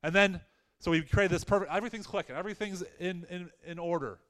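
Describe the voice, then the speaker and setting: A man's voice: high voice, fast, fairly bright tone. A middle-aged man preaching a conversational sermon, often repeating words and asking the congregation questions. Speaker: pastor.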